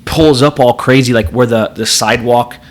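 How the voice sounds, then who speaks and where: A man's voice: mid-range voice, fairly even intonation, moderate pace. Brief: thirties guy, casual guest storyteller, rambling with lots of fillers and swearing. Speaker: podcast guest, pro fighter.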